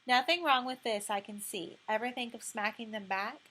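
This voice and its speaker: A tough, streetwise girl with a swagger, blunt and slangy, her voice sitting a touch high, as a woman reading aloud puts her on. The storybook reading stays close and plain, bossy and brash in every line. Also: moderate pace, sharp tone. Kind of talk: audiobook reading.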